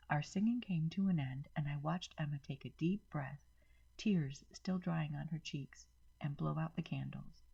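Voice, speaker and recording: A woman storyteller reads a first-person story in a steady, measured voice. Her voice is low and husky. The recording is dull and lo-fi. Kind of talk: scripted story narration.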